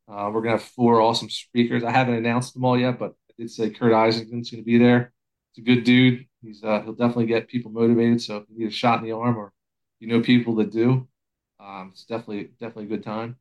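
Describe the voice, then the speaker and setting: On a muffled recording, a Pennsylvania man who serves as a volunteer assistant fire chief speaks quickly at medium pitch in a level tone. His casual podcast conversation is humble and plain, with a self-deprecating streak and frequent false starts.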